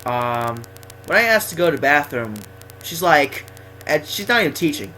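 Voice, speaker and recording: A man's voice: fairly high pitch, very animated, normal speed, pushed and bright, slight background noise, rough recording. A young man telling rambling, self-deprecating stories casually while playing a game. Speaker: gaming vlogger. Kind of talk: casual storytelling over gameplay.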